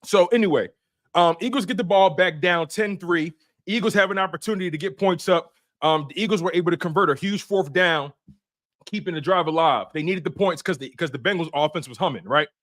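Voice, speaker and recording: A man's voice: high-pitched, brisk, a bit bright. A man hosting a sports recap show, talking in a casual, emphatic way, repeating key points and using slang. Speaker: sports podcast host.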